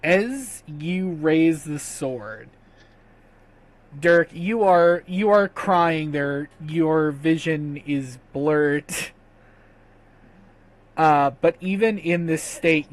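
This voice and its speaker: Slow, measured male game master. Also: on the high side, lively intonation. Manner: slow, measured narration with fillers. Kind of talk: narrating a tabletop game.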